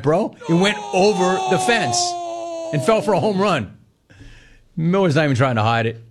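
Excitable sports radio host, higher voice. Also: male voice, moderate pace, background noise. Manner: animated, mocking, laughing commentary.

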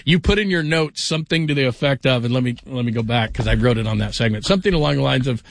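A man's voice: medium pitch, fast talker, gravelly, no room sound, clean studio sound. Joking, rambling male radio host. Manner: joking, rambling storyteller with frequent restarts. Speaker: sports radio fill-in host. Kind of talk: casual sports radio chat.

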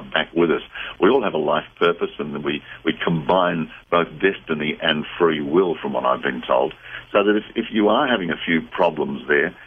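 Deep husky man, radio guest giving earnest advice, phone-like band. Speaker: psychic medium guest. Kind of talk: radio call-in answers.

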